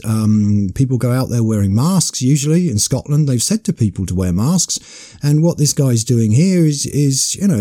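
A man voices earnest indignation as a podcast co-host in casual chat. His tone is mellow and warm, with a slightly raised pitch that rises and falls expressively. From Britain.

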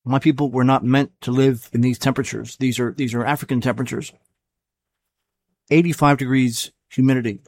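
A man's voice: medium pitch, fairly even intonation, fairly quick, no echo. A man hosting a solo commentary show, talking casually and rambling, often stopping to correct himself. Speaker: show host.

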